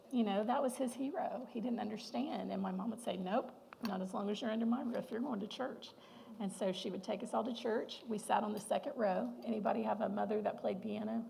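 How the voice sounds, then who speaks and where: A woman's voice: mid-range voice, creaky, darkish tone, slight background noise, low-quality recording. A middle-aged woman giving an earnest, emotional personal testimony as guest speaker at a church women's luncheon. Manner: earnest, emotional storytelling with light laughs. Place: church hall.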